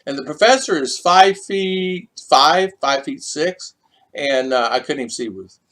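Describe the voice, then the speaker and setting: A middle-aged man chats casually on a livestream, reading viewer comments aloud and drifting into loose stories. He talks in a rambling, repetitive way, restarting his phrases often. His pitch stays lively and animated throughout. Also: unhurried. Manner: chatty, lively storyteller.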